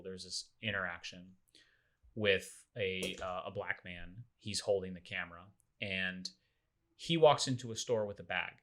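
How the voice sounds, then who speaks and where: A man with a lowish voice co-hosting a casual podcast, telling stories with lots of energy. His tone is bright and forceful, and he slips into the voices of the people he describes as he goes. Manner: animated storyteller, acts out quoted people. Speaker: podcast co-host.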